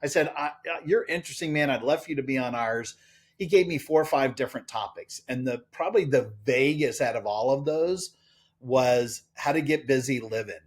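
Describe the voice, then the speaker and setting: Mid-pitched man co-hosting, chatty. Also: fairly quick. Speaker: podcast co-host. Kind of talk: casual chat.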